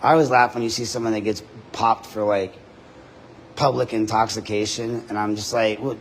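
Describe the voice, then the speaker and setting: A man's voice: lowish voice, steady tone, normal speed, slight background noise, low-quality recording. A man talking casually into his body-worn camera inside a public building, laughing often and swearing freely. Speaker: independent journalist livestreaming.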